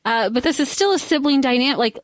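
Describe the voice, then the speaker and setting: Woman co-host, slightly high pitch, dry close sound, thoughtful rambling film talk. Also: lively intonation, fast talker, no room sound. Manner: thoughtful, fillers like "like" and "you know", self-correcting. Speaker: podcast co-host. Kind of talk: casual movie recap chat.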